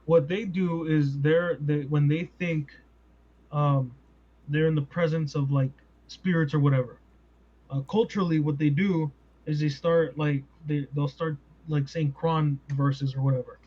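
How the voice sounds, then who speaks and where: Animated male podcast host, lo-fi. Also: a little high. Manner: animated, rhetorical questions, quick asides. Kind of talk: casual chat. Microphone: podcast mic. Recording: dull lo-fi sound.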